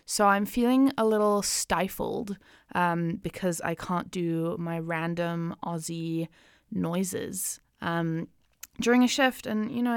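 A woman's voice: fairly low pitch, slow pace, clear, resonant tone, no echo, clean studio sound. A woman hosting a casual, chatty music show, with frequent fillers and self-deprecating asides. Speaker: podcast host. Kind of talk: casual chat about music.

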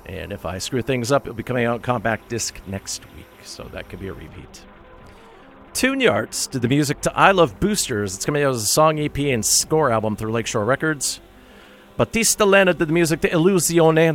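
A man hosting a radio show, reading out a list of soundtrack releases in a casual, wry way and correcting himself as he goes. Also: medium pitch. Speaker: radio host.

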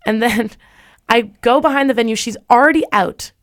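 Smooth-voiced young woman host. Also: fairly high pitch, moderate pace, fairly bright tone. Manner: chatty storytelling with frequent "like". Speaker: podcast host. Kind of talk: casual podcast chat.

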